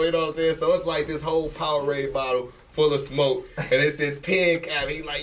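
A man's voice: a little high, brisk. Laughing man telling a story. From Chicago. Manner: laughing, animated storytelling with acted quotes. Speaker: guest. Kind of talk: casual storytelling. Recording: distant mic with faint noise.

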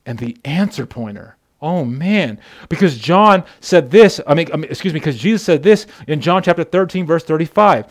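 A male pastor delivering a sermon in a slightly higher-than-average voice. He talks emphatically and keeps turning straight to his listeners with direct calls and questions. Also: animated, moderate pace. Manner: emphatic, addresses the congregation directly.

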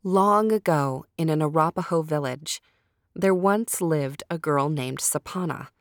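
A woman storyteller narrates a children's tale at a slow, deliberate pace. Her voice sits a little low. The recording is close and dry with no room sound. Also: dry recording. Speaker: storyteller host.

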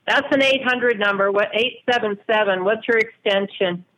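A woman's voice: medium pitch, normal speed, fairly bright tone. A woman caller on a phone line, blunt and irritated. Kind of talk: phone call.

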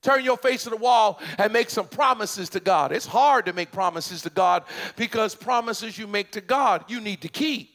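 A man preaching a sermon in a church, with rising shouts and chanted, repeated lines. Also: sits high, normal speed, few pauses. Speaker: pastor. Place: church sanctuary.

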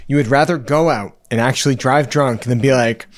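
A man's voice: medium pitch, brisk. A young man chatting casually, reacting with laughs and swearing. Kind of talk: casual chat.

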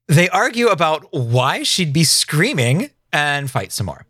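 A man's voice: a little high, very animated, measured pace, a bit bright, husky, no echo, clean studio sound. A man hosting a podcast, recapping an old TV episode in a jokey, rambling casual chat. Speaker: podcast host.

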